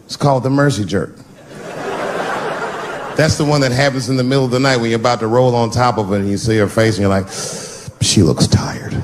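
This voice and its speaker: A man telling stand-up stories on stage, animated, swinging between shouts and low mutters. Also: quick pace, pauses often. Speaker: stand-up comedian. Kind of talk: stand-up storytelling. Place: stage before a live audience. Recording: live stage recording with background noise.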